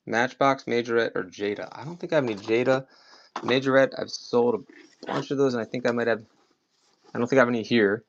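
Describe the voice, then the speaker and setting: A man from Maryland, with a slight Maryland accent, sells items as an online auctioneer on a live stream, rambling chattily with many "like" fillers. His medium-pitched voice is steady and brisk. The stream audio is slightly dull and lo-fi, with slight background noise.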